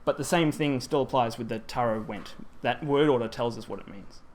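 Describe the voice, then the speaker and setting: A man's voice: mid-range voice, a little fast, a little hiss or hum. A man presenting at a language teaching symposium, explaining grammar in a conference talk with frequent ums and self-corrections.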